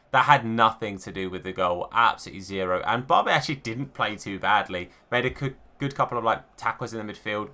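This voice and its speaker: A young man giving casual, animated commentary on his football game career to viewers. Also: medium pitch, slight background noise. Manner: chatty, animated, talks to viewers as mates. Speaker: gaming YouTuber.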